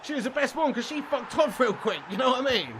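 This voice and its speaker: A man's voice: very high voice, animated, quick pace, background noise. A young British man streaming a football game live, ranting and swearing at length and laughing often between comments. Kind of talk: casual live-stream rant.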